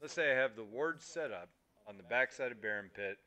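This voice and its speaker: A podcast co-host on a casual gaming show explains things emphatically and swears casually into a streaming microphone. His medium-pitched voice is brisk, bright and forceful, with lively intonation.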